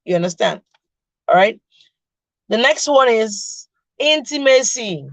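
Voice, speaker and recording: A woman's voice: fairly high pitch, unhurried, no room sound. A middle-aged woman with a Nigerian accent hosting a casual chat, laughing often and teasing her viewers directly. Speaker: podcast host.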